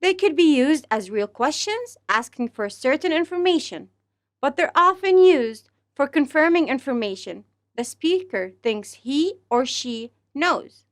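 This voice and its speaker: A woman teaching an English grammar lesson to pupils, speaking slowly and deliberately and exaggerating the rise and fall of example phrases. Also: high-pitched, animated. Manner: slow, deliberate delivery, speaking to pupils as a class; exaggerated rising and falling intonation on example phrases.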